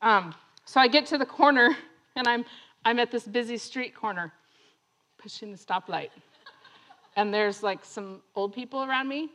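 A woman's voice: on the high side, moderate pace, long pauses. A woman telling a personal story that turns into a lesson, laughing often and acting out other people's lines. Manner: laughing often, animated retelling; acts out other voices in her story. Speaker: speaker sharing a testimony.

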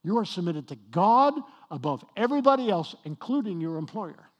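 Male pastor, high-pitched, emphatic sermon delivery with light banter to the congregation. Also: big pitch swings, highs cut off, slight background noise. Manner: emphatic, slows and rises on key points, jokes with the congregation. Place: church with congregation.

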